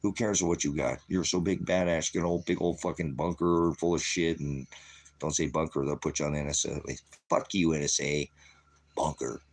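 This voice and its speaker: A man's voice: extremely low pitch, fairly even intonation, a little fast. A middle-aged man hosting his own channel, delivering a profane, combative, rambling rant at his viewers. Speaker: channel host. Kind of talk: ranting monologue to viewers.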